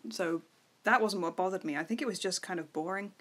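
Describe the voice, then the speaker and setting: A woman co-hosting a podcast, talking about a film in a relaxed, wry, offhand way. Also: on the low side, brisk, breathy edge. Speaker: podcast co-host. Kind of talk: casual film discussion.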